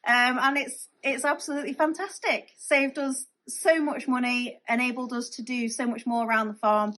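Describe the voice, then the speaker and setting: High-voiced, enthusiastic farming woman. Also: steady tone, normal speed, pushed and bright. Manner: enthusiastic, upbeat. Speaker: farmer giving a testimonial.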